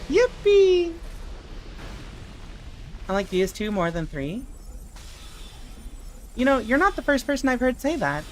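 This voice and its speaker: Expressive woman streamer, lively pitch. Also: normal speed, pauses often, a little hiss or hum. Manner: expressive, swearing, animated outbursts. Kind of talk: casual livestream chat.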